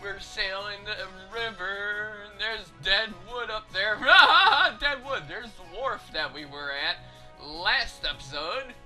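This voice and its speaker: Bright, goofy gaming commentator man. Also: high-pitched, lively intonation, takes it slowly, soft background music. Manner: jokey, goofy. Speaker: let's play host. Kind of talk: casual gameplay commentary.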